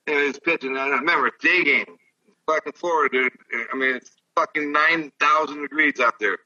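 A man's voice: on the high side, moderate pace, bright, forceful tone, distant mic, muffled recording. An older man, a former ballplayer, telling rambling, profane stories in casual chat. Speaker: guest, former baseball player. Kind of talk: casual storytelling.

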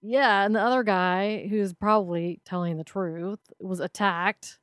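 A woman co-hosting a casual podcast, reading out news stories in a measured, mildly wry way. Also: mid-range voice, steady tone, fairly bright tone, clean tone, no room sound, clean studio sound.

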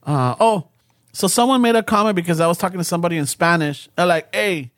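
Animated, lively man. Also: high voice, quick pace, smooth, no room sound, clean studio sound. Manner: animated storyteller, switches between English and Spanish. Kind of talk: casual chat.

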